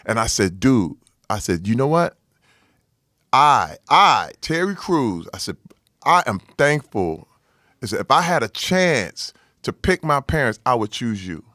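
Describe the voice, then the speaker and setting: A man telling a personal story as a podcast guest, jumping from loud exclaiming to hushed low tones and acting out the people he quotes. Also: no echo, clean studio sound. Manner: acts out quoted voices in his story. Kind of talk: casual storytelling.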